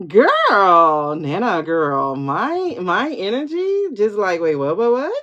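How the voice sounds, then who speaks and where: A woman hosting a livestream pendulum reading, excitable, repeating herself as she questions her spirit guide and talks to viewers. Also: medium pitch, takes it slowly, pauses often. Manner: excitable, keeps repeating "hold on" while asking questions. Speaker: tarot reader host. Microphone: phone or computer mic for livestream. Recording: dull lo-fi livestream audio.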